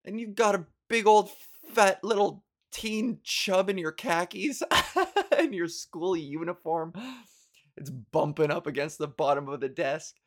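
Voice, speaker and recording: A man in a casual, rambling rant to his viewers, swearing freely and joking wryly. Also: on the high side. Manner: profane, rambling, wry.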